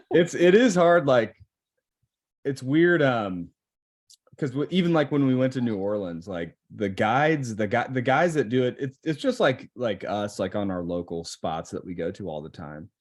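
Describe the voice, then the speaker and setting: A man's voice: medium pitch, lively intonation, unhurried. A man guest on a podcast, talking casually in a rambling, hesitant way with many fillers.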